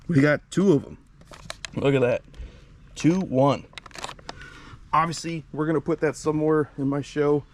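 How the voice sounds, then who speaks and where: A man's voice: a little high, a little mellow. A young man from the Midwest US hosting a casual fireworks vlog outdoors, a bit out of breath and chatty with many fillers. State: out of breath from the heat. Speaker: fireworks channel host. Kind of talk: casual vlog showing products. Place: outdoors by a storage shed.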